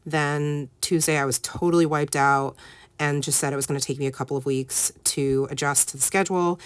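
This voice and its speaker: A woman in her thirties who runs a scrapbooking vlog chats casually in a voice-over while she crafts, filling her speech with "um" and "like." Her low voice is smooth and steady in tone, her pace is brisk, and the recording is dry.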